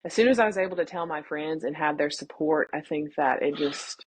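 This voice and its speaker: A woman's voice: low-pitched, a little fast, slight background noise. A young woman guest speaking candidly and with feeling in a casual interview, often acting out what her family said. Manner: candid and emotional, reenacting family dialogue. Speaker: podcast guest.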